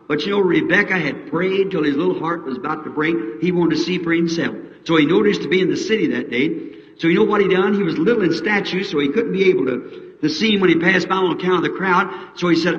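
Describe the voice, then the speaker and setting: A man's voice: high voice, quick pace, fairly bright tone. Fervent preacher man in a distant hall. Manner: fervent, acts out characters in raised voice. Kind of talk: revival sermon storytelling. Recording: old distant hall recording, muffled.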